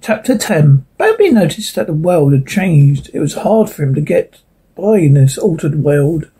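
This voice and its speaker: Husky woman reading a storybook aloud. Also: low-pitched, very animated, moderate pace, warm tone, rough recording. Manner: informal reading with restarts. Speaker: narrator. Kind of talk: audiobook reading of a novel.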